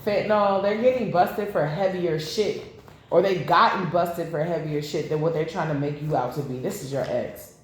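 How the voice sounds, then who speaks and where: A woman's voice: low voice, normal speed, slight background noise. Blunt woman tarot reader, very echoey room. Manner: blunt, profane, rambling asides. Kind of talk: casual tarot reading to camera.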